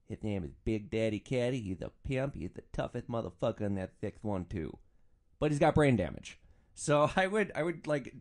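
A young man in his twenties tells driving stories on a podcast with loose, profane humor. His pitch sits in an ordinary middle range but swings widely as he tells the tale, and he keeps a joking, animated edge throughout. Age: 20s. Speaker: podcast host and rideshare driver. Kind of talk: casual storytelling.

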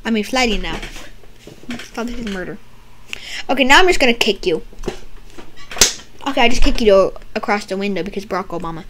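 A young woman playing a doctor in a game roleplay, silly and teasing, with sudden loud outbursts. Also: mid-range voice, noisy background. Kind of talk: playful game roleplay banter.

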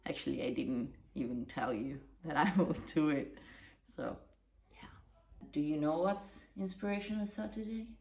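A woman's voice: low-pitched, moderate pace, a little mellow. A woman vlogger chatting casually and rambling, swearing now and then. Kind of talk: casual vlog chat. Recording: roomy echo.

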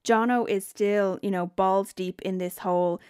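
A woman's voice: medium pitch, steady tone, a little slow, a little mellow, clear, resonant tone, dry recording, clean studio sound. A young woman recapping a reality show in casual, blunt chat, swearing freely.

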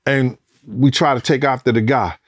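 A middle-aged man and former bodyguard telling a story in a casual interview, animated and profane, acting out the voices of others and the sounds of gunshots. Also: mid-range voice, normal speed, no echo, clean studio sound.

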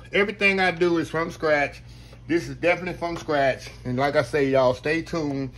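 A man's voice: a little high, lively intonation, fairly quick, a bit bright. A man hosting a casual cooking demonstration, folksy and talking straight to his viewers. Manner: folksy, talks straight to viewers, says y'all constantly. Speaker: cooking show host.

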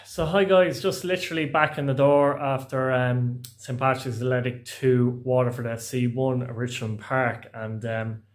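A man with an Irish accent recording a casual football vlog after a match, talking in a halting, subdued way with many pauses and restarts. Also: mid-range voice, level tone, background noise. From Ireland. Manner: blunt, swears casually. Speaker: football vlogger.

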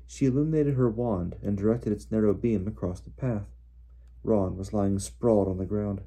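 A man reading a novel aloud in steady storybook narration. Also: on the low side, normal speed, slightly rough. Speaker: audiobook reader.

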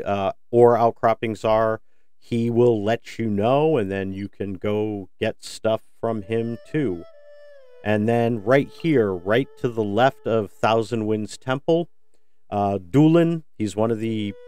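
A man's voice: lowish voice, darkish tone, clear, resonant tone, dry recording. A man giving rambling, self-correcting commentary over a game, often losing track of where things are. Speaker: game video host. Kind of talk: gameplay commentary.

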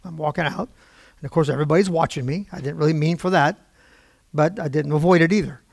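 A man's voice: a little high, fast, creaky, dry recording. A male pastor preaching from the pulpit, telling a story in a conversational way and acting out the dialogue. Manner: conversational, acts out quoted dialogue. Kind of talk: storytelling sermon. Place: church pulpit.

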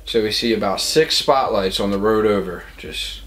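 A man's voice: on the low side, moderate pace, fairly bright tone, low-quality recording. A young man casually telling rambling party stories, full of "like" and acted-out quotes. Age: young adult. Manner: rambling, says "like" a lot, acts out quotes. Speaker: storytelling guest.

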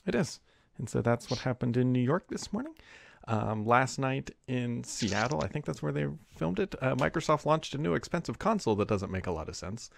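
A man's voice: mid-range voice, sing-song, fairly quick, creaky, no echo. A man co-hosting a casual tech podcast, talking in a loose, wry way with dry jokes. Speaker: podcast co-host.

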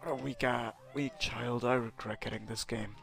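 With faint music behind him, a game player in a medium-pitched, steady, creaky and slightly bright voice speaks at normal speed, parodying a hot-tempered, arrogant alien prince warrior in a comedic let's-play. He's brash and insulting, letting out panicked yelps.

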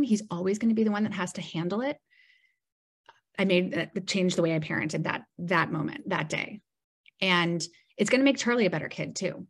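A woman as a podcast guest, telling a personal story in a casual, animated way and acting out bits of dialogue. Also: medium pitch. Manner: animated storyteller who acts out quoted dialogue and leans on "like".

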